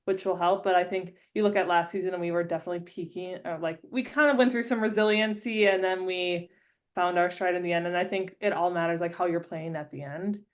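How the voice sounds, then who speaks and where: A young woman hockey player answering podcast questions. Her voice is a little low, and she speaks in a measured, thoughtful and earnest way. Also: steady tone. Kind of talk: casual chat.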